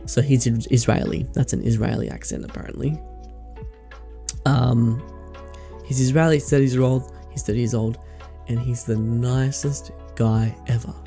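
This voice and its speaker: Gravelly young Australian guy vlogging. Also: medium pitch, steady tone, normal speed, dark tone, soft background music. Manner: chatty, slangy and sweary. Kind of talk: casual rambling chat.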